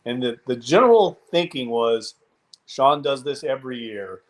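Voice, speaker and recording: Male podcast co-host, casual sports chat, analytical, measured delivery. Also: mid-range voice, animated. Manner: measured, analytical, frequent restarts.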